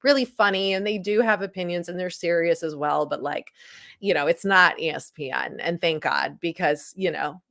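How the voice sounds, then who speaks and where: A woman from Chicago, a guest on a sports talk show, chatting casually and telling stories in quick animated bursts, full of likes. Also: lowish voice, gravelly. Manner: animated storyteller, rapid bursts, rambling with many likes. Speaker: guest hockey podcaster.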